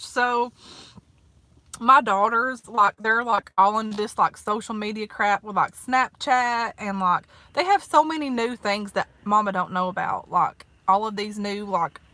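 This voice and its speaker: A woman's voice: a little high, bright, forceful tone, dry recording. A woman in her thirties with a Southern US accent, chatting casually in a folksy way from her parked car for her vlog. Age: 30s. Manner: chatty and folksy, peppered with "honey" and "like". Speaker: vlogger. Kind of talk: casual eat-with-me vlog chat.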